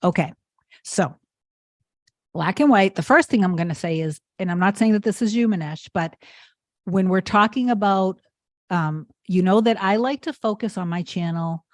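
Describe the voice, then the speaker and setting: A woman hosting a live question-and-answer stream as a spiritual coach, talking casually with lots of "like" fillers and slowing down to stress points. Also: mid-range voice, no room sound, studio quality. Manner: warm, chatty, frequent laughs and "like" fillers. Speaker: manifestation coach hosting a livestream.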